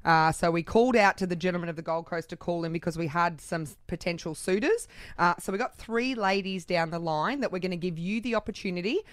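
A woman's voice: fairly low pitch, fast talker, dry recording. A woman, co-hosting a radio show in an upbeat, chatty way. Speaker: radio co-host. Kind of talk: radio chat. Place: radio studio.

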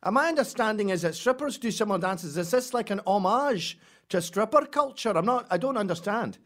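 A man voicing a mild, confused Scottish man who asks polite, halting questions in a Scottish accent. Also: sits high, expressive, fairly bright tone, voice pushed up. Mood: feigned confusion.

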